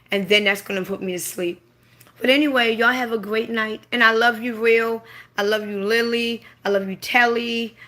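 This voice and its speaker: Woman livestreamer, late-night storytime; bright, sharp tone, animated and heavily profane delivery. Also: a little high. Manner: profane, emphatic, animated ranting. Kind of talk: casual late-night storytelling on a live stream.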